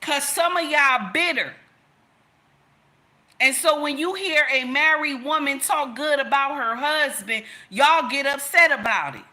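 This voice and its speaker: Her pitch is high and her tone bright and forceful, though her animated delivery runs a little slow. She's a commentator in the middle of an impassioned direct-to-camera rant, scolding and saying things twice for emphasis.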